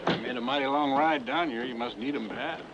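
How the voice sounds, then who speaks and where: A man's voice: medium pitch, brisk, close to an everyday voice. An actor playing a shrewd frontier man bargaining in an old western film. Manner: wheedling, dealmaking. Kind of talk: 1970s western film dialogue. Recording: dull old film audio with hiss.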